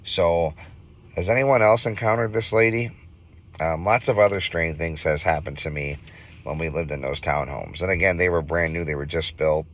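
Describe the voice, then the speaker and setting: A man in his thirties from Minnesota, earnestly telling a ghost story in a casual vlog, halting with fillers. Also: low-pitched. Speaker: vlogger.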